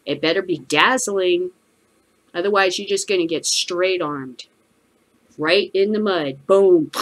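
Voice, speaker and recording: Woman host, low-pitched, sweary and sarcastic, opinionated news rant. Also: rough recording. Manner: profane, ranting, sarcastic. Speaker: cannabis news show host. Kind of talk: profane opinionated commentary.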